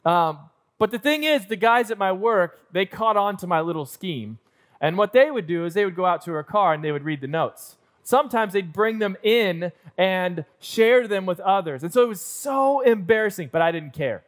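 Young male pastor, high-pitched, animated and self-mocking storyteller at a church service. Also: normal speed. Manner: self-deprecating, animated storyteller acting out scenes. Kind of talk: sermon storytelling. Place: church auditorium.

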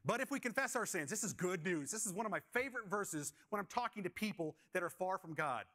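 A man with a high, bright voice preaches a sermon to his congregation. He leans on questions to the listeners and stories from his own past. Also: lively intonation, quick pace. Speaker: pastor.

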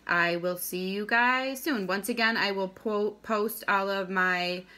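Bright-voiced woman teacher. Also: mid-range voice, a little slow. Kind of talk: online lesson to schoolchildren.

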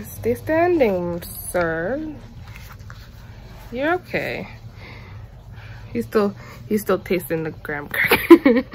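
A woman vlogging at home, chatting casually to the camera and switching to high coaxing baby talk with her dog. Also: a little mellow, slight background noise.

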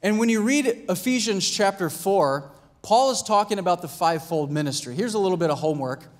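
A pastor preaching a sermon in a conversational way, acting out little scenes and asking "right?" and "Amen?". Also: male voice, high-pitched, animated, a little fast. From United States. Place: church hall.

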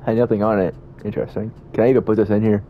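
A man's voice: lowish voice, little pitch movement, racing, muffled recording, a little hiss or hum. A young man commentating a horror game, talking to himself, swearing and panicking at scares. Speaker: gamer playing a horror game. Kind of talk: let's-play commentary.

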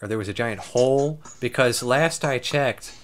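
A man's voice: medium pitch, normal speed, a little hiss or hum. Man, casual chat, film review co-host, joking, everyday mid voice. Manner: joking, does silly voices in quotes.

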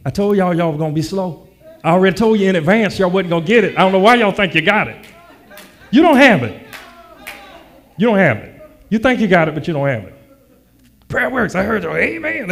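A male pastor preaching a sermon, teasing his congregation, repeating lines slowly, and building to a shouted preaching cadence. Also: sits high, expressive.

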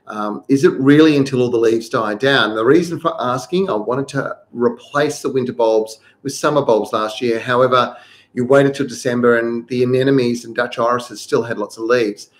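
A man's voice: medium pitch, moderate pace. A middle-aged man, hosting a live gardening show. He reads viewers' questions aloud and then gives practical advice.

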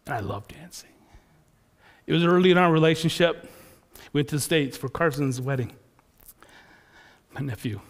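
A man preaching a sermon as pastor in a church, telling lively personal stories. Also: fairly high pitch, moderate pace, long pauses. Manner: animated storytelling.

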